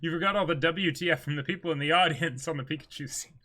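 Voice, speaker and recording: Bright, higher-voiced man co-hosting a podcast. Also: quick pace. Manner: easygoing, laughs along. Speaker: podcast co-host. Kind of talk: casual chat.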